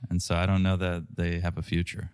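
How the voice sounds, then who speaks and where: Low-voiced man, wry podcast co-host. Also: monotone, brisk, a little mellow, smooth, no echo, clean studio sound. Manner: wry, jokey asides with quoted voices. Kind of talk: casual recap chat.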